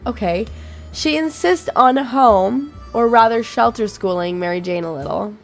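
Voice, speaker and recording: A woman gaming YouTuber with a fairly high, unhurried voice gives chatty, reactive commentary on a game, reading its text aloud and swearing freely. Faint game music plays behind her.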